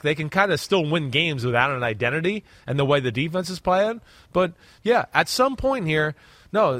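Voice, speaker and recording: A man talking football as an analyst in a casual podcast chat, animated and checking in with "right?" as he goes. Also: on the high side, no echo.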